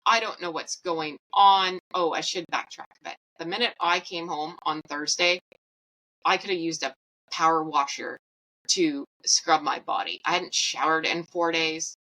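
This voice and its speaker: A woman's voice: low voice, a little slow, sharp tone, poor audio. A woman hosting a podcast, telling a personal story in a chatty, rambling, candid way. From Canada. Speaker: podcast host.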